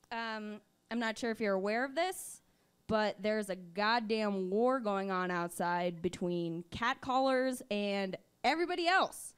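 A woman doing a stand-up comedy set on stage with a handheld mic, deadpan and drawn-out with sudden brash outbursts. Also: medium pitch, clear, resonant tone. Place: comedy stage with a live audience.

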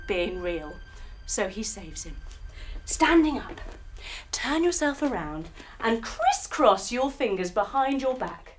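A woman's voice: fairly high pitch, fairly bright tone. A woman teaching yoga to children through a playful story, full of sound effects and guiding instructions.

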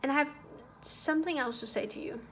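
A woman's voice: high voice, a little fast, fairly bright tone, slight background noise. A woman voicing a fussy, anxious, old-fashioned male schoolmaster who lectures primly and frets. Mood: anxious lecturing. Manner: agitated, prim and lecturing.

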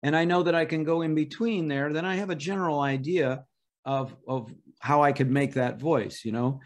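A man's voice: a little high, steady tone, normal speed. A middle-aged man, a voice impressionist, answering interview questions thoughtfully and at length, with small restarts. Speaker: voice impressionist guest.

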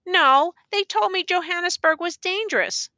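A woman reading the part of a frightened young man on trial, answering in short, halting replies. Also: very high voice, sharp tone, no room sound, voice pushed up.

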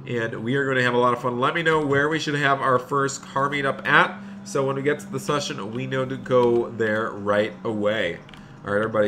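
Bright-voiced man streaming a game. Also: medium pitch, a little hiss or hum. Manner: chatty, talks to chat while playing a bank clerk. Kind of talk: live game role-play commentary.

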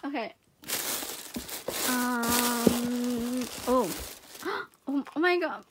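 Bubbly high-voiced woman unboxing gifts. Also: very slow, very noisy. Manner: excitable, gushing, frequent gasps and giggles. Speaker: unboxing vlogger. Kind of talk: casual unboxing chat.

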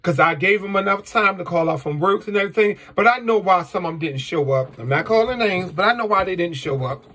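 A man in an emotional personal monologue, blunt, profane and emphatic, with a husky voice. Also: sits high, fast talker, bright, forceful tone, a little hiss or hum. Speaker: vlogger.

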